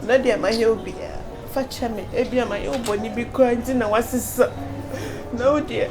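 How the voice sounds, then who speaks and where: Actress as a pleading Ghanaian wife, soft and somewhat high. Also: female voice, steady tone, fairly quick, music in the background, close to an everyday voice. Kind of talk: Ghanaian comedy film acting.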